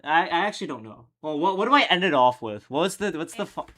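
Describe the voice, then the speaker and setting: High, bright-voiced young streamer man. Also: big pitch swings, fast, faint music behind. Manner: loose, profane, joking; answers chat questions while working. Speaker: streamer editing his own videos. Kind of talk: casual livestream chat.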